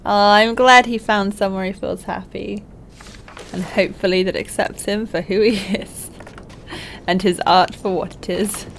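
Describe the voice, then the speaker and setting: A young woman talks through her gameplay in a relaxed, chatty way, thinking out loud and laughing at herself now and then. Her voice sits at a middling pitch, with a faint hiss of noise under it. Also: moderate pace. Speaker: gaming let's-play host. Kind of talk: casual game commentary.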